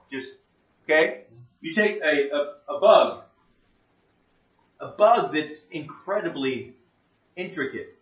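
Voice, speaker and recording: A man's voice: a little high, fairly bright tone. A man teaching the Bible in a conversational sermon, plain-spoken and fond of rhetorical questions. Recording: echoey room, distant mic, dull lo-fi.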